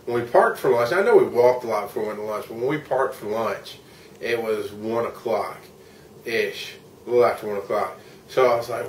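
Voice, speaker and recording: A tired, middle-aged American man, a vlogger and podcaster, rambles candidly through his day in a travel vlog and swears when frustrated. His voice is fairly low and moderately paced, with slight background noise. The mic sits at a distance in a roomy, echoey space with faint ambience.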